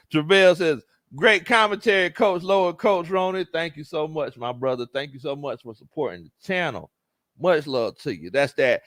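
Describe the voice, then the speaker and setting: On a casual sports livestream, a host and coach with a voice on the high side talks at normal speed. He laughs a lot, reads viewers' comments out loud, and reacts animatedly with Southern slang. The sound is studio quality with no echo.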